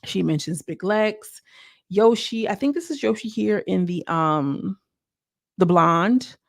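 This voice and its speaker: A woman's voice: medium pitch, takes it slowly, gravelly, dry recording, studio quality. A woman recapping a reality show in casual chat, acting out quotes with slang. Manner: chatty, acts out quotes with slang.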